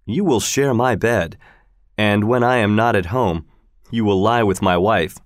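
A man's voice: on the low side, unhurried, no echo, studio quality, natural voice. A man voicing an earnest young nobleman and devoted husband in a storybook reading, with a pleading, heartfelt delivery. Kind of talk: storybook read-aloud.

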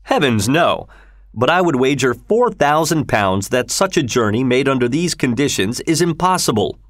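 A man voicing an excitable Victorian gentleman who throws out loud, challenging wagers. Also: mid-range voice, moderate pace, dry recording, clean studio sound, pitched above the performer's own voice, close to an everyday voice.

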